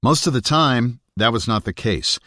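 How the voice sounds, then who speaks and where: A man narrating an audiobook thriller in a steady, measured reading on a close studio mic. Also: mid-range voice, no echo. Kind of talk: scripted narration.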